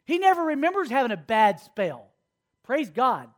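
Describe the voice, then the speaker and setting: High-voiced man preaching animatedly to youth. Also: moderate pace. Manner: animated, conversational, often checks in with the audience. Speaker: camp speaker teaching students. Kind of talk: sermon-style teaching to a youth audience.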